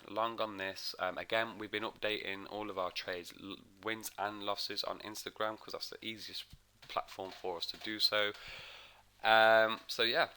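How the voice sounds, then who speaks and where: A man's voice: fairly low pitch, bright, forceful tone, clear, resonant tone. A man from the UK giving a casual, chatty walkthrough of trading charts as an educator, humming filler sounds as he clicks along.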